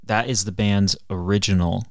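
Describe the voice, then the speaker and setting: Male podcast host, very low voice, matter-of-fact, some hesitation, dry mic. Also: fairly even intonation, moderate pace, no echo. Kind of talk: casual chat.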